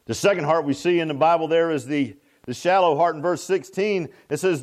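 A man's voice: a little high, brisk, hardly any pauses, darkish tone. A man preaching a sermon in a folksy, repetitive way, often tossing out rhetorical "huh?" asides to the congregation. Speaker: pastor.

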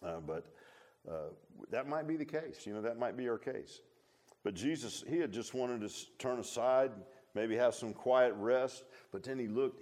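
A man's voice: medium pitch, darkish tone. A middle-aged man preaching a sermon in a folksy, conversational way, full of asides to the congregation. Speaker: pastor.

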